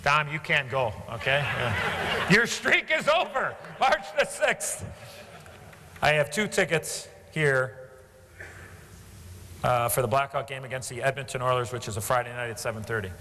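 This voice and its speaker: A man at a banquet microphone, rambling and joking through his remarks with plenty of hesitations. His tone is bright and forceful. A long hall reverb and faint room noise surround him. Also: mid-range voice, fairly even intonation, normal speed. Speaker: banquet guest presenting a raffle prize. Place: large indoor banquet hall.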